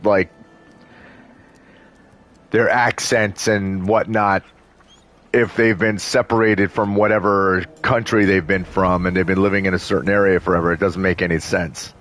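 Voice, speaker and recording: A man's voice: deep voice, steady tone, measured pace, fairly bright tone. A man casually commenting while playing a video game, rambling with lots of fillers and restarts. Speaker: video game let's-play host.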